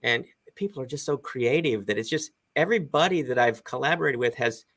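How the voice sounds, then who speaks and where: A man's voice: medium pitch, lively intonation, fairly quick, a bit bright. A man in his fifties, a guest on a live stream chat, talking casually and enthusiastically in a rambling way over a video call.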